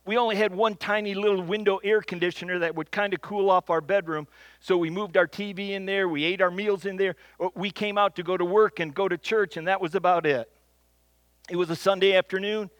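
A man from Michigan telling a humorous personal story, with dramatic pauses, repeated phrases and building suspense. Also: high-pitched, a bit bright, no echo.

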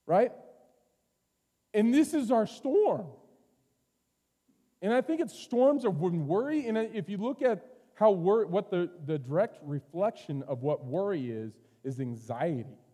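A man preaching a sermon as pastor, earnest, moving from loud urging to quiet, intimate passages. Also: high voice, big pitch swings, a little slow. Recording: long reverb of a hall.

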